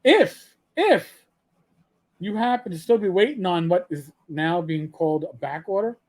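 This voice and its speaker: A man's voice: high-pitched, animated, a little slow. A man hosting his own podcast, delivering an angry rant with frequent swearing and stammered restarts, repeating himself as he gets worked up. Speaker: channel host.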